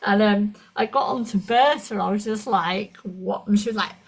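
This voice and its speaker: Woman healer, gravelly, rambling storyteller, casual chat. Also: mid-range voice, poor audio. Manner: chatty storytelling, restarts, quick asides. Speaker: energy medicine practitioner. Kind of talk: casual conversation with a client.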